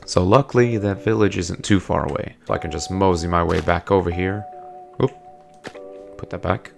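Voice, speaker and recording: A man's voice: low-pitched, moderate pace, gravelly. A man giving casual let's play commentary in a chatty way, often talking to characters in the game. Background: faint background music.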